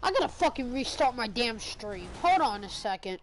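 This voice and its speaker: A woman's voice: a little high, very animated, moderate pace, background noise. A woman live-streaming a game, raging and swearing at her chat. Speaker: gaming streamer.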